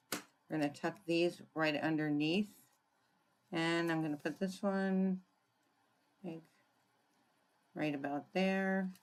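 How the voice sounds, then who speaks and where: A woman giving a casual card-making tutorial, chatting and thinking aloud as she works, often clearing her throat. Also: sits low. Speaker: papercraft demonstrator.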